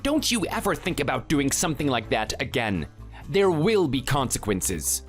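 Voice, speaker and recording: In a synthetic, text-to-speech texting-story style, a man's medium-pitched voice, close to an everyday voice, plays an indignant Italian-born family man confronting a bully. His pitch swings widely at a normal speed, with faint music in the background.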